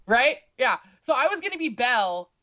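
A young woman chatting casually about a cosplay meetup, with lots of filler words and animated quoting. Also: high-pitched, moderate pace, no room sound. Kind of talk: casual chat. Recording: dull lo-fi sound.

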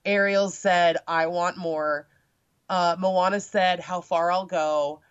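Young woman, casual chatty guest, lowish voice, lo-fi dry sound. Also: takes it slowly, clean tone, dry recording. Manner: chatty, lots of filler words, animated when quoting. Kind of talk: casual chat. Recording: dull lo-fi sound.

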